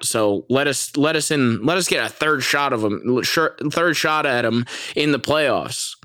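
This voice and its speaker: A young American man tells a story to his viewers, animated and profane, breaking into laughter. His voice is smooth and resonant, at a middle pitch. The sound is dry and close. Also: a little slow, dry recording. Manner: animated, profane, laughs often, mimics people in high voices. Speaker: vlogger. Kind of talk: casual storytelling.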